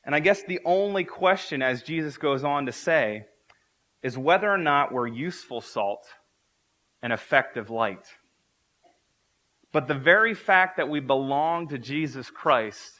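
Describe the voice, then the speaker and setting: Male pastor, thirties, preaching, bright voice, slightly high pitch, earnest repetition. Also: animated, unhurried. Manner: earnest, repeats key phrases for emphasis. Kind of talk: sermon.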